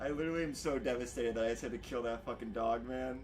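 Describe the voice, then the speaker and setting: A man streaming a game, loud and excitable, swearing and yelling in bursts. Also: mid-range voice, fast, slight background noise. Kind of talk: live gameplay commentary.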